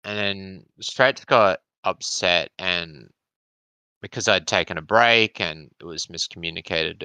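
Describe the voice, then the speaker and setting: A man's voice: low-pitched, sharp tone, clean tone, no echo. A man chatting casually, rambling through a long story with frequent swearing. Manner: rambling, swearing, explaining community drama. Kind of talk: casual chat.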